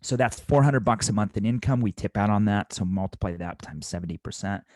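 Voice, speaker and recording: A man with a fairly low voice coaches restaurant servers, working through the numbers one step at a time. He presses the important points home by repeating them. The sound is dry and close, with no room echo. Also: fairly quick, darkish tone. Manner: emphatic, repeats key points. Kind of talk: instructional talk.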